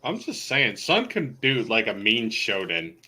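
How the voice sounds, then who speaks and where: A man's voice: on the low side, a little slow. A man co-hosting a podcast, telling stories in a loose, laughing way. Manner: laughing, animated storytelling. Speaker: podcast co-host. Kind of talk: casual chat.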